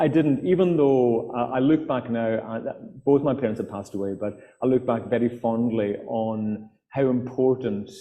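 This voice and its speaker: A Scottish author from the Outer Hebrides, appearing as a guest speaker, tells stories to a live audience in a festival hall, hesitating with fillers and restarts. His medium-pitched voice is mellow and warm, carried by a live mic into the hall's long echo.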